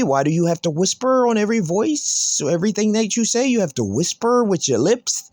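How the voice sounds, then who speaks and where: A man's voice: high-pitched, big pitch swings, fairly quick, darkish tone, no room sound. A man hosting a wrestling news show, emphatic and repetitive, firing off rhetorical questions. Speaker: host.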